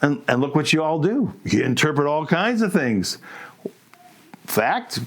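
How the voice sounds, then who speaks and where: A middle-aged man co-hosting a podcast, talking in a casual, animated way, firing off provocative rhetorical questions and calling his listeners folks. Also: on the high side, unhurried. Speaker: podcast co-host. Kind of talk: casual opinionated monologue.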